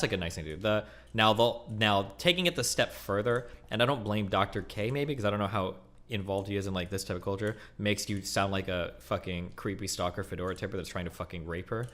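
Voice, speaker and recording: Low, bright-voiced man riffing casually. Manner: rambling, profane, many fillers and restarts. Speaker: streamer reacting to a video. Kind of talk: casual reaction commentary.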